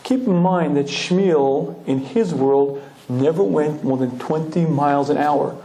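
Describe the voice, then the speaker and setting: A man, a rabbi, giving an animated storytelling Torah lecture and often clearing his throat. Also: a little high, a little slow. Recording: echoey lecture room.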